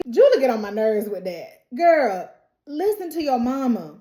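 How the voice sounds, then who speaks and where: A woman recapping a TV episode in casual chat, animated and sassy, laughing at her own asides. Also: high voice, a little slow, reverberant. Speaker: TV recap host.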